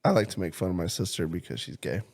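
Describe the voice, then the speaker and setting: A young man with a fairly low voice trades crude, profanity-laced jokes with a friend on a casual podcast. He talks loosely and confidently, like he's holding court. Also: lively intonation, fast, vocal fry. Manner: loud, crude, joking, swears constantly. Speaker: podcast co-host.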